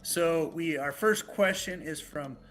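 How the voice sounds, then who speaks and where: Bright-voiced man co-hosting, hesitant. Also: a little high, slow, soft background music. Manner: hesitant, stumbling restarts. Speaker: co-host. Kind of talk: casual chat.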